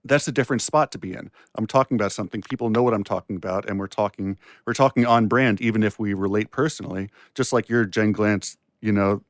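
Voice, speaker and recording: A man's voice: fairly low pitch, fast, hardly any pauses, no room sound, clean studio sound. A man co-hosting a podcast, chatting reflectively with many restarts. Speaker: podcast co-host and producer. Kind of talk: casual podcast chat.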